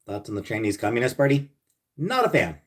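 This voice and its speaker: A man hosting a casual livestream, reading viewer comments and answering bluntly and profanely, with sarcastic jokes, sometimes muttering low and sometimes ranting loudly. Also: very animated, fairly quick. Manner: blunt and profane, swinging between mutters and loud rants. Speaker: livestream host.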